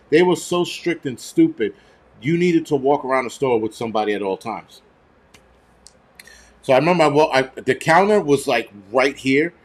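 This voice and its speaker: A man, hosting a prepper channel and telling stories in a heated, profane, rambling rant. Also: mid-range voice. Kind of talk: casual ranting monologue.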